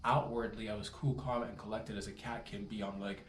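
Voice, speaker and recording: A man's voice: steady tone, brisk, hardly any pauses, roomy sound, a little hiss or hum. Swaggering man spinning a rambling comic tale. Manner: rambling, swaggering, slangy, jumps up high when worked up. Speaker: storyteller. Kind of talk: absurd comic storytelling monologue.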